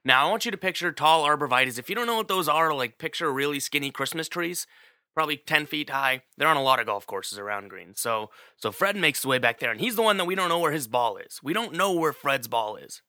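A man with a very bright, forceful voice, pitched a little high, spins a story in a loose, chatty way. He talks straight to the listener, with many asides and fillers. The sound is dry and close, with no room around it. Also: lively intonation, a little fast, no echo. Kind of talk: casual spoken storytelling.

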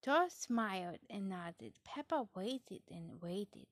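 A woman reading a children's picture book aloud, soft and often dropping into a hush. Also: mid-range voice, animated, slow, few pauses, no echo, studio quality. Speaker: storybook reader.

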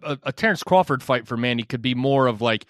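A man co-hosting a boxing podcast, laying out his view calmly in casual chat, with many fillers. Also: medium pitch, fast talker, no room sound, clean studio sound. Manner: relaxed, reasoned, lots of fillers. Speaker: podcast co-host.

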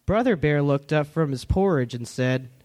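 Man, comedian, deadpan storybook narration, comedy club, high lively voice. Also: moderate pace. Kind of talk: comic reading of a story to a live audience.

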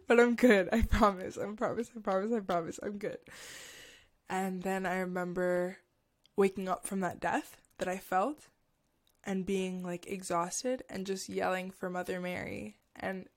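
A young woman hosting a podcast, telling a deeply personal story in a halting, emotional way with many fillers and restarts. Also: flat delivery. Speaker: podcast host.

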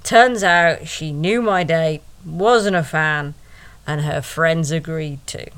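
Slow, wry woman telling a story. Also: low-pitched, a bit bright. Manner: wry and sarcastic, with asides to the listener. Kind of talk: first-person storytelling monologue.

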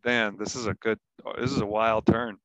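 Smooth-voiced man brainstorming. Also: lowish voice, level tone, moderate pace, fairly bright tone, no room sound, poor audio. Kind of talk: improv sketch planning.

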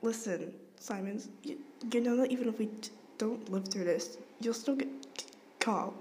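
A frightened, protective teenage boy, read aloud by a woman, who stammers and pushes his words out in a panic. The voice sits a little higher and louder than the reader's own, and the tone is mellow. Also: moderate pace, a little hiss or hum, lightly acted. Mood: fearful.

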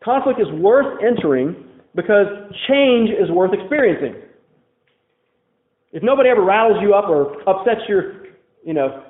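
A man's voice: high voice, reverberant, narrow, tinny audio. A man preaching a sermon as a pastor, telling candid personal stories in a conversational way full of "like" fillers. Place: church.

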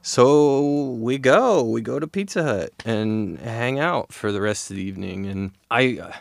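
Low gravelly guy rambling through a story, chuckling a lot, super dry close mic. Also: animated, measured pace, dry recording. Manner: rambling and self-amused, laughing through the story. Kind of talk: casual storytelling.

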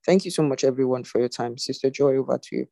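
A woman's voice: very deep voice, fairly even intonation, fast, vocal fry, mellow, no echo. A woman preaching an earnest, exhorting sermon to an online congregation over a video call. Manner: earnest, exhorting, often rising in emphasis. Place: online meeting.

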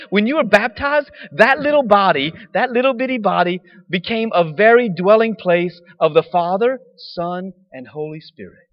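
A man preaching a sermon in a lively, casual way, full of slang and acted-out quotes. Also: high voice, normal speed, few pauses, long reverb tail, dull audio.

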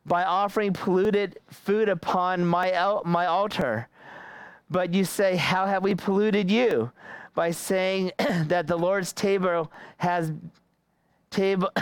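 A man's voice: sits high, steady tone, slow, clear, resonant tone, dry recording. A young man preaching a casual sermon, often repeating words and laughing between phrases.

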